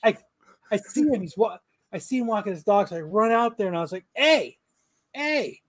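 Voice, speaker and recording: A man casually telling a profane, animated anecdote in a podcast chat. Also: high voice, quick pace. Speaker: storyteller.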